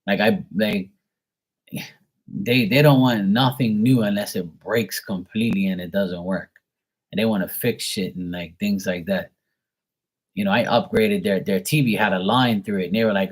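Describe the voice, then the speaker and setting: A middle-aged man hosting a tarot livestream, chatting casually in a rambling, blunt and profane way that rises into animated rants. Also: lowish voice, normal speed, poor audio. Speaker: tarot reader host.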